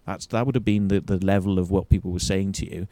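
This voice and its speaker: A man's voice: low-pitched, fairly even intonation, quick pace, dark tone, no room sound. A man hosting a show, ranting profanely and combatively as he comments on an interview clip. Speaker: show host.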